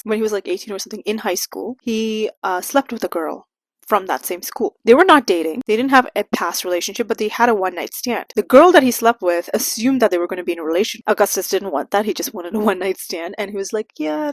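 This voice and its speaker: A woman's voice: mid-range voice, dry recording. A young woman vlogging a casual, sarcastic and exasperated rant about a book.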